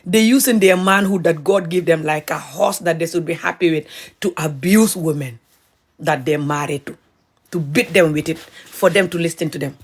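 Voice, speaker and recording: A woman's voice: sits low, moderate pace, husky. Woman ranting at the camera, pushy and repetitive, hammers every point. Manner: forceful, repetitive, emphatic. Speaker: motivational speaker and comedian. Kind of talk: impassioned social media rant.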